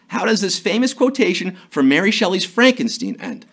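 A man's voice: high voice, wildly swooping pitch, brisk, few pauses, fairly bright tone, soft background music. A man hosting a live trivia game show, with jokey, hyped-up patter.

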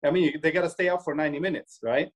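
Male co-host, slightly raised pitch, halting, restarts often, voices imagined remarks. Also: rough recording. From Germany. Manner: hesitant with many restarts, acts out imagined quotes. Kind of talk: casual discussion.

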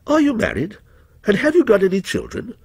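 A man voicing a brooding, mysterious male stranger who asks slow, probing, needling questions. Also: high voice, wildly swooping pitch, creaky, a little mellow, slightly rough, no room sound, voice pushed up, exaggerated voice. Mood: insinuating.

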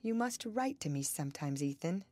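A woman voicing a shy, tender young woman, speaking softly and hesitantly in an audiobook. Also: on the low side, lively intonation, moderate pace, no room sound.

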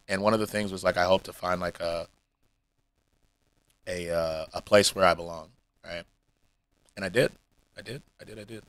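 A man's voice: fairly low pitch, a bit bright, dry recording, poor audio. A male streamer talking to his chat in a rambling, heartfelt way, emotional and close to tears, often dropping almost to a mumble. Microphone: streaming mic.

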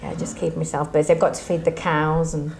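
A woman's voice: low voice, little pitch movement, fast talker, gravelly, a little mellow, slight background noise. A woman with a northern English accent, a musical theatre performer chatting in a bubbly, self-mocking way in a theatre. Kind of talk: casual interview chat.

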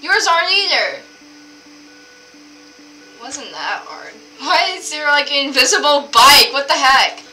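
A jokey, excitable woman chatting over gameplay, her bright, fairly high voice caught from a distance with game music underneath. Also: unhurried, pauses often, echoey room. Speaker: gamer playing a story game. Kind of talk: casual gameplay chat.

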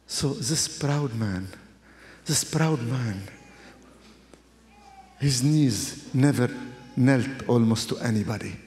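A man's voice: medium pitch, takes it slowly, long pauses, a little mellow, slight background noise. A male pastor telling his testimony in an emphatic, storytelling way, repeating phrases for effect. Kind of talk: dramatic preaching testimony. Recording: echoey hall.

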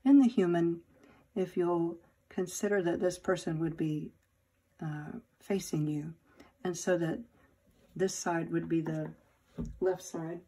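A woman's voice: on the low side, steady tone, slow pace, pauses often, dark tone, breathy edge. A woman anatomy instructor giving a recorded lab lecture, explaining step by step with fillers and self-corrections.

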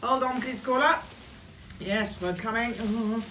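A woman's voice: fairly high pitch, measured pace, bright, forceful tone. A woman hosting a children's craft show in a playful, sing-song way, chatting with a puppet as she works. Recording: roomy echo with faint music.

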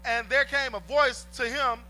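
A man reading Bible verses aloud in a steady, formal way during a church service. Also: very high voice, unhurried, faint music behind, rough recording. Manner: steady, formal reading of old-style scripture. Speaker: scripture reader.

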